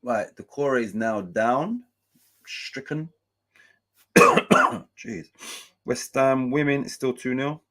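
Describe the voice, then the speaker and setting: A man's voice: medium pitch, huge pitch swings, slow pace, long pauses, fairly bright tone. A man hosting a casual live match-day stream, chatting loosely, swearing freely and reading out chat messages and scores.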